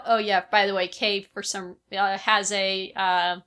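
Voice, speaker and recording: A woman co-hosting a podcast and chatting casually about a film, retelling scenes in an animated, giggly way. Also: medium pitch, a little slow. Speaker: podcast co-host.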